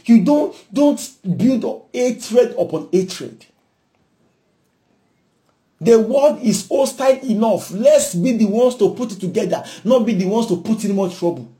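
A man with a Nigerian accent preaching a sermon, exhorting and shifting between loud and hushed. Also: sits high, animated, measured pace.

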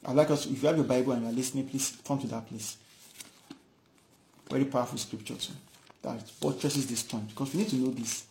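A man's voice: mid-range voice, steady tone, brisk, a little mellow, echoey room, a little hiss or hum. A man preaching a fervent sermon, repeating phrases and acting out the voices in scripture stories. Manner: fervent, repetitive, acts out dialogue.

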